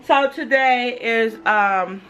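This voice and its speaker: A woman's voice: on the high side, slow, a bit bright, rough recording. Chatty woman vlogging from home. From Jamaica. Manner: chatty and rambling, many "you know"s. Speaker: family vlogger. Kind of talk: casual vlog chat to camera.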